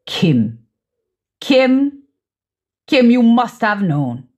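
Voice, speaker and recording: A woman voicing a smooth-talking, patronizing man who keeps placating his lover. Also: a little high, very animated, drawn-out words, a little mellow, full character voice.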